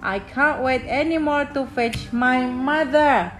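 A woman's voice: high voice, takes it slowly, faint music behind. Woman doing an earnest young boy. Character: kind-hearted young village boy, hardworking.

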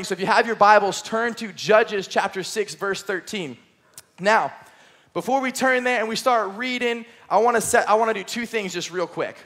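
Up on a church stage, a youthful man who serves as a high school pastor gives a lively, talkative sermon packed with fillers.

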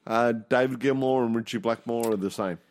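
A man's voice: medium pitch, steady tone, fairly quick, darkish tone. A man co-hosting a podcast in casual chat, teasing his friend and stating his views with confidence. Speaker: podcast co-host.

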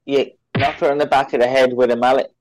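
A man's voice: mid-range voice, level tone, fast, darkish tone, no echo. Brummie guy on a podcast, blunt and teasing, dead dry mic sound. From England, Birmingham. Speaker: podcast co-host. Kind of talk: casual chat.

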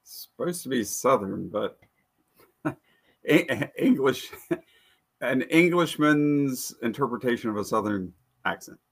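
A man co-hosting a casual podcast chat, giving short, relaxed answers. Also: mid-range voice, takes it slowly, pauses often. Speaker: podcast co-host.

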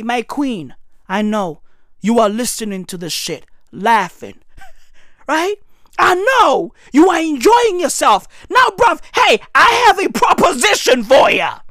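A woman giving a comedic rant, incredulous and exaggerated, often breaking into shouts. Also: a little high, big pitch swings, slow, dry recording, studio quality. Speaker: comedic commentator.

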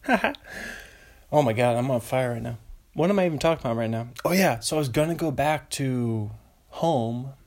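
A man's voice: medium pitch, expressive, moderate pace, darkish tone. A young man from Western Washington chatting alone in a meandering way, breaking off into tangents and giggly asides. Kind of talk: rambling solo casual chat.

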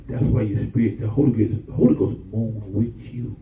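A man's voice: mid-range voice, steady tone, normal speed, hardly any pauses, narrow, tinny audio, slight background noise. A man preaching a sermon as pastor, impassioned, calling for responses from the congregation. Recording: roomy church sound from far off.

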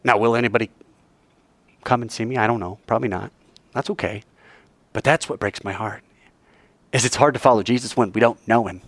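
A man's voice: mid-range voice, a little fast, long pauses, no echo. A man giving a casual, playful sermon to young people, acting out scenes. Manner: animated, playful, acts out scenes.

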